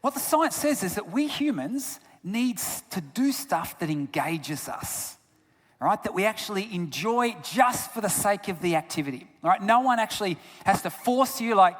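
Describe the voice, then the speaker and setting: Animated man preaching in reverberant church. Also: sits high, moderate pace. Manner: animated, swings between loud and hushed. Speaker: guest speaker. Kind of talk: storytelling sermon. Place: church sanctuary.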